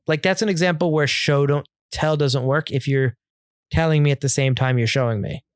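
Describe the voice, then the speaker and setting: A man's voice: a little high, steady tone, smooth, dry recording, clean studio sound. A man co-hosting a film podcast, talking casually and bluntly about what he disliked, with frequent restarts. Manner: opinionated, critical, halting restarts. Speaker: podcast co-host.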